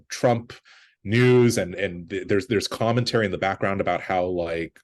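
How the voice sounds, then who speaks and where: A man's voice: deep voice, breathy edge. A man who is a guest film critic, talking through a movie in thoughtful conversational analysis, restarting sentences often. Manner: thoughtful, many restarts, quotes characters in a lighter voice.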